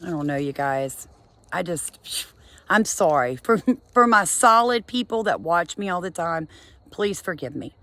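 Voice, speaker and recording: A woman's voice: lively intonation, measured pace, bright, forceful tone. A middle-aged woman, delivering an exasperated, emphatic scolding monologue to her viewers. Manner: scolding, exasperated, emphatic with sudden high bursts. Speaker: homesteading vlogger. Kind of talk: impassioned monologue to camera.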